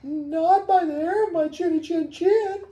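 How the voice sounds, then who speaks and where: A woman's voice: very high voice, unhurried, warm tone, voice pushed up. A woman voicing a defiant little male pig in a read-aloud storybook, in a raised, cheeky voice. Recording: roomy echo, distant mic.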